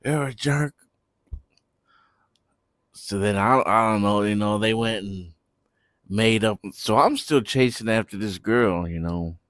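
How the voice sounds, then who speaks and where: A man's voice: on the low side, unhurried, a bit bright, no room sound, studio quality. Laid-back young man telling a story. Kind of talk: casual storytime vlog.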